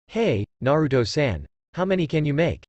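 A man's voice: fairly high pitch, sing-song, normal speed, a little mellow, no echo, lo-fi sound. A man voicing a shy young girl who stammers and hesitates.

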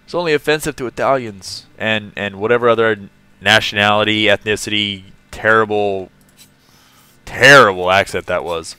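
A man from California talks through his game on a live stream in a bright, clean voice. He chats loosely, laughs often and greets viewers by name. The sound is dry and close, with no room echo. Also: lowish voice, normal speed, clear, resonant tone. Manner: chatty, laughs often, greets and answers chat. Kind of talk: casual live-stream commentary.

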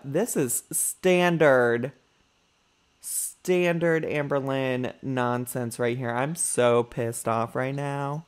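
A man's voice: mid-range voice, fairly even intonation, extremely slow, clean tone. A man giving chatty let's play commentary, calling his viewers y'all and talking back to his character with sass. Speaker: gaming YouTuber.

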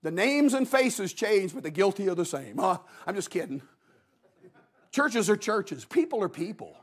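A middle-aged man preaching a Sunday evening sermon in a folksy, animated way, acting out quotes as he tells the story. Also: sits high, moderate pace, slightly rough. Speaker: guest preacher.

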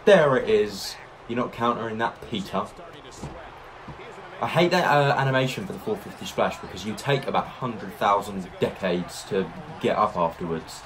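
A man giving excitable let's-play commentary, narrating each move and reacting loudly as he plays. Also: lowish voice, moderate pace, a crowd in the background. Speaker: gaming YouTuber.

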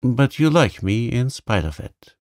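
A man voicing a gruff, stern old gentleman who is kind underneath, speaking abruptly in short sharp questions. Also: medium pitch, very animated, a little slow, no echo, clean studio sound, voice pushed up.

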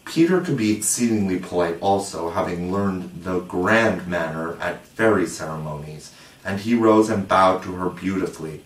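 A man's voice: low-pitched, normal speed. Man reading a storybook in a roomy space. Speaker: audiobook reader. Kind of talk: storybook narration. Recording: roomy, distant mic.

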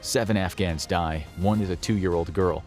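Deep-ish guy doing serious documentary narration, music faintly underneath. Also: steady tone, normal speed, a little mellow. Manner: grave, dramatic storytelling.

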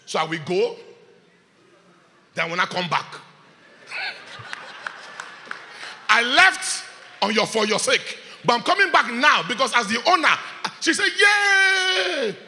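Animated pastor preaching in a hall. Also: male voice, high voice, normal speed. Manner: animated preaching, swings from shouting to hushed. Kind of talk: sermon. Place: church hall.

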